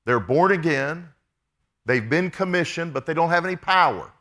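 Bright-voiced preacher man. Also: fairly high pitch, moderate pace. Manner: storytelling, excited, with quoted exchanges and call-outs of amen. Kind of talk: sermon.

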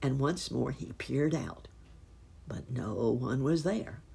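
A woman reading a children's storybook aloud, with expressive, unhurried storytelling. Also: very deep voice, creaky, breathy edge. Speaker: narrator.

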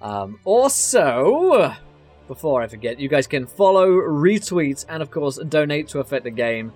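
A fairly high-voiced man hosts a live tabletop game stream, chatting loosely through the sponsor notes. He laughs often, repeats himself and stumbles over his words. Faint music plays behind him. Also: big pitch swings, unhurried, a little mellow. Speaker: host and player.

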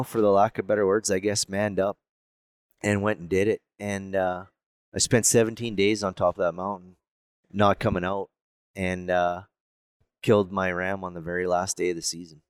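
A man speaking in a relaxed, reflective way in casual conversation, with frequent fillers. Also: low-pitched, moderate pace, smooth, dry recording. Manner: reflective, with many fillers like "you know" and "um". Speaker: hunter on a hunting podcast.

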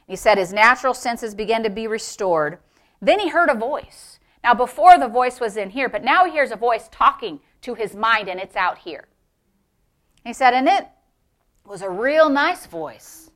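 A woman pastor preaching a sermon, emphatic and building to shouts, calling out to the congregation for responses. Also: mid-range voice.

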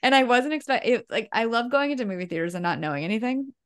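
Giggly woman with a lively voice. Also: a little high, fast, smooth. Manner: giggly, laughs often between remarks. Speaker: podcast co-host. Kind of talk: casual chat.

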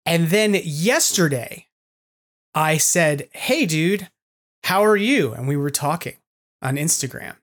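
A man hosting a podcast, telling a long story in an excitable, rambling way and laughing often, talking over a video call. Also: a little high, takes it slowly. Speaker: podcast host. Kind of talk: casual chat.

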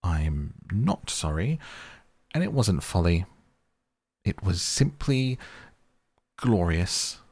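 A man voicing a boastful, excitable male toad who talks impatiently and bursts into high outbursts. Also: measured pace, few pauses, breathy edge, no room sound, full character voice. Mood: sullen.

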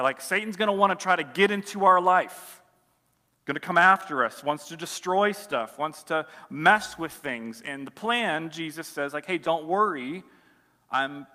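A man preaching a sermon, talking conversationally and leaning on "like" as he goes. His voice sits high and bright, punching out some points loudly and dropping to near-quiet asides on others. The sound carries a long reverb from a large hall. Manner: conversational, many "like" fillers, swings between loud emphasis and soft asides. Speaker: pastor.

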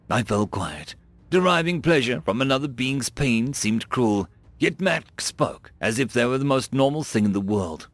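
Gravelly, expressive male audiobook narrator. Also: medium pitch, measured pace, no echo. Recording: dry close mic with faint music.

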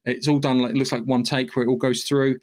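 A man's voice: medium pitch, level tone, fast talker, a little mellow. Rambling man recapping a plot. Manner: rambling, loose and profane storytelling. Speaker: podcast host. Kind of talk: casual podcast plot recap.

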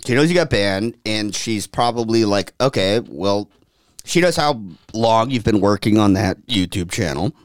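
A man's voice: lowish voice, expressive, moderate pace, few pauses, no echo, clean studio sound. A man co-hosting a casual comedy podcast, teasing and joking. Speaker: podcast co-host.

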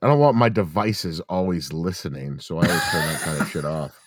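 A man's voice: sits low, brisk, breathy edge, no room sound, clean studio sound. A man co-hosting a casual podcast chat, cracking crude jokes and calling his friend dude and bro. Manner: joking, crude, calls people dude and bro. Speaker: podcast co-host.

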